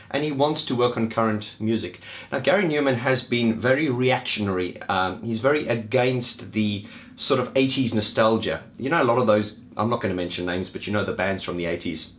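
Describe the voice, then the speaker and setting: A man's voice: mid-range voice, a bit bright. A man giving a casual, enthusiastic spoken review of concerts, rambling and restarting as he goes. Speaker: music vlogger reviewing gigs.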